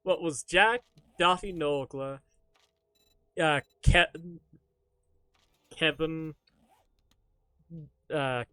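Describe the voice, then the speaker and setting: A man's voice: a little high, extremely slow, pauses often, bright, forceful tone, smooth, no echo. A man chatting casually to his live-stream audience while gaming, rambling, joking and swearing offhandedly.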